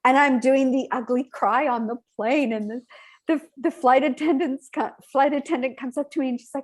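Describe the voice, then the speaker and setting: A woman's voice: high-pitched, normal speed. A woman minister giving a sermon, heartfelt and emotional, often restarting her sentences. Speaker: spiritual minister.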